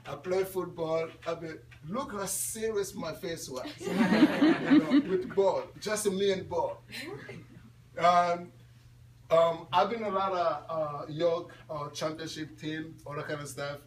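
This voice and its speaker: A man in his twenties giving an animated, laughing talk to students at a school, quizzing his audience. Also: fairly high pitch, slow pace, a little hiss or hum. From Congo. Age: 20s. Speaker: guest speaker at a school. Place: classroom or school hall. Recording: echoey room audio from far off.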